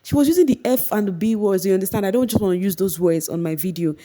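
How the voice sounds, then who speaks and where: A young Nigerian woman chatting casually as she recaps a reality show, retelling scenes with lively energy. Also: fast talker. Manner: animated retelling, acting out quotes in a high voice. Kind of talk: casual commentary.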